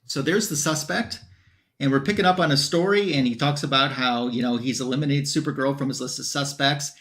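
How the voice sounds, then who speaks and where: A man's voice: mid-range voice, steady tone, brisk, a bit bright. A man hosting a comic book panel stream, recapping a story in loose, rambling casual chat with lots of fillers. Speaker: host of a comic book review show.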